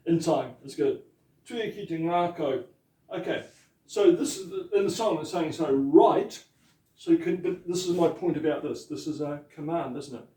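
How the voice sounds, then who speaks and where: A man, a pastor teaching te reo Māori in a chatty lesson, with laughing asides and slow repeated words to drill pronunciation. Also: on the high side, dark tone, distant mic. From New Zealand. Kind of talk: informal language lesson. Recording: echoey room, voice off mic.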